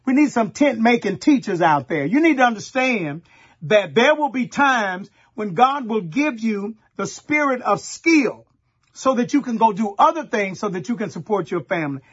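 A middle-aged pastor from Texas, preaching a sermon in a folksy storytelling way and talking straight to the congregation. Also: male voice, high-pitched, big pitch swings, normal speed, fairly bright tone, slightly rough, lo-fi sound.

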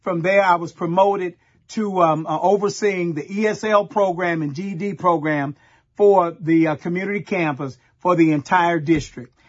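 A middle-aged pastor from Texas, preaching a sermon in a folksy storytelling way and talking straight to the congregation. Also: male voice, sits high, normal speed, dull audio.

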